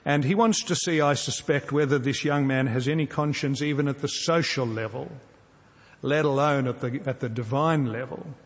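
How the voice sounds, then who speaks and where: A man preaching a sermon, earnest and measured, often posing rhetorical questions to his congregation. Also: mid-range voice, in a large hall. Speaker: pastor.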